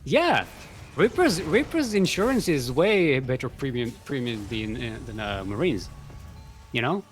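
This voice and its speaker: A man's voice: medium pitch, sing-song, unhurried, faint music behind. A man casting a live strategy-game match with a playful, joking manner. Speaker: esports caster.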